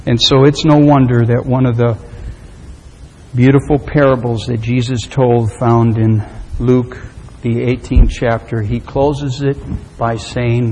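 A man preaching a sermon, telling a story dramatically and swinging from loud to hushed. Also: medium pitch, little pitch movement, a little slow, a little hiss or hum. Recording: long hall reverb.

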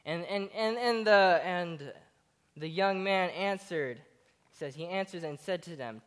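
A young man delivers a relaxed, joking sermon, his slightly higher voice carrying a long hall echo. He stumbles often, circling back with "uh" and "you know" before landing his point. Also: clear, resonant tone. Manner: halting, with many fillers and restarts, jokey retelling. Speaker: speaker giving a Bible talk. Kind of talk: casual sermon.

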